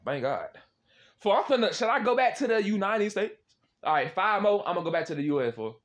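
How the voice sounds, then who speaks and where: Lively, slangy young man. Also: sits high, brisk. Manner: slangy, swears often, loud exclaiming reactions and laughs. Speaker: host chatting with strangers on a random video chat app. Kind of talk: casual chat.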